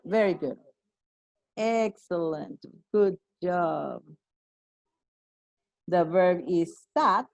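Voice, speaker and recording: Bilingual woman teacher, slow and dry. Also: fairly low pitch, gravelly, darkish tone, no room sound, dull audio. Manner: switches between English and Spanish, encouraging; praises students by name. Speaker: English teacher. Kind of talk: online class teaching.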